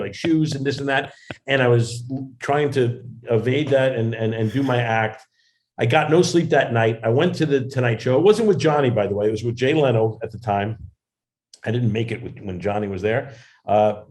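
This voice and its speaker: A male comedian recounts an anecdote in a casual interview, animated and self-deprecating. His voice sits at an average pitch for a man. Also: fairly quick. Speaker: comedian guest.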